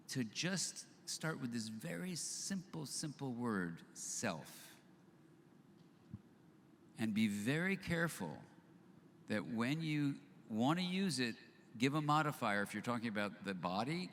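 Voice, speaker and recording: An older man speaks at a live event, recounting conversations with lively back-and-forth delivery and acting out each voice. His voice sits at a middle pitch. It carries through a hall with a long reverb and some faint background noise. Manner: animated storyteller who acts out both sides of a dialogue. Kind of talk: storytelling talk to an audience.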